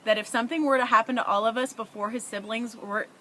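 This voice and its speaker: A middle-aged woman speaks to her viewers with a high, bright voice, earnest and emotional as she gives parenting advice. Her tone is conversational, and a faint hiss of background noise sits under the recording. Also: steady tone, fast. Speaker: parent vlogger. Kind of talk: heartfelt advice to camera.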